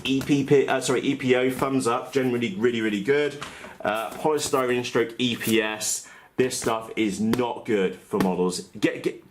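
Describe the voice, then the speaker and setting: A man's voice: medium pitch, a little hiss or hum. A man giving casual, blunt unboxing commentary on radio-control models, with plenty of fillers and restarts. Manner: chatty, blunt, frequent uh fillers and self-corrections. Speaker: RC model hobbyist vlogger.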